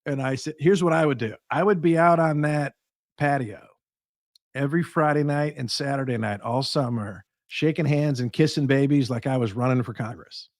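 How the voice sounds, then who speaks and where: A man's voice: mid-range voice, normal speed, dry recording, clean studio sound. A man, a guest speaker and sales trainer, giving advice in a podcast conversation and acting out the people in his stories. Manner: animated storyteller acting out quoted voices.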